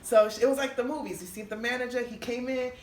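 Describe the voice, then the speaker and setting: A woman comedian telling a funny story in a lively, laughing way, acting out the people she quotes. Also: fast talker. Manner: laughs often, acts out quotes with big pitch jumps. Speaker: comedian guest. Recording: echoey room, mic at a distance, faint noise.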